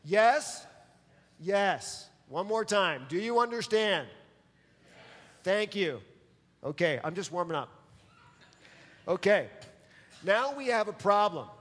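A man's voice: high-pitched, expressive, slow pace, long pauses, a bit bright, in a large hall. A man preaching a sermon as pastor, emphatic and pressing his listeners to answer back. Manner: emphatic, calls for audience response.

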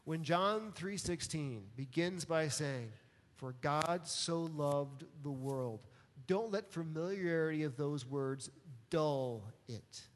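A man's voice: on the high side, slow pace. A man preaching a sermon as pastor, earnest and emphatic, calling on the congregation to answer back. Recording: long hall reverb.

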